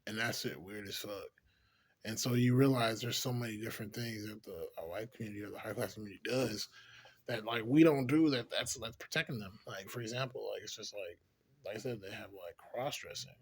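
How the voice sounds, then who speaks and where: A male vlogger speaks a little fast, his low voice carrying a breathy edge. His on-camera monologue rambles casually, heavy on profanity and "like," with plenty of laughs between thoughts.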